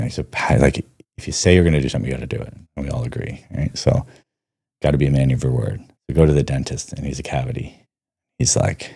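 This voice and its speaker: Very deep-voiced man telling stories. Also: fast, gravelly, breathy edge. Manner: animated storyteller, acts out quotes. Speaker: podcast guest. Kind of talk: casual storytelling.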